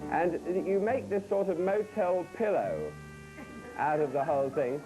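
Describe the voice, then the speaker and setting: A man's voice: a little high, expressive, measured pace, dark tone, faint music behind, rough recording. A man hosting a cooking show, joking wryly with a studio audience in an archival broadcast. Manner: wry, teasing asides.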